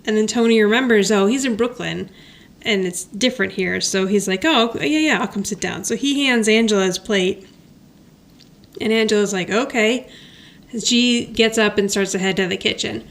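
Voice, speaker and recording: A chatty woman with a voice of middle pitch, co-hosting a casual podcast. She laughs often as she recaps a sitcom scene by scene and slips into the characters' lines along the way. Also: moderate pace, vocal fry. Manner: chatty, giggly, acts out lines from the show. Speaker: podcast co-host.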